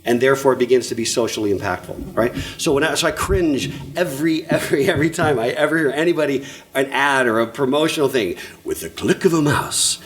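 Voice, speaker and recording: An older man presenting to an audience in a lively, jokey way, often checking in with listeners. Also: medium pitch, fast talker. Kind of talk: lively conference talk.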